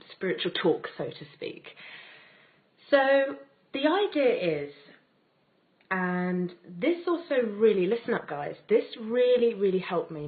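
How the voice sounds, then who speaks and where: A British woman teaching a spiritual course in a casual, gushing, enthusiastic way, often laughing. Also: fairly low pitch. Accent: British English. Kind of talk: casual spiritual lesson to camera. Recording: tinny phone-like sound.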